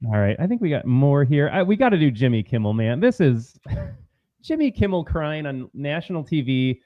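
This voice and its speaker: Male show host, scornful commentary, somewhat high lively voice. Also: normal speed, no room sound, muffled recording. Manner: sarcastic, scornful. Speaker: political talk show host. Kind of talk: casual commentary.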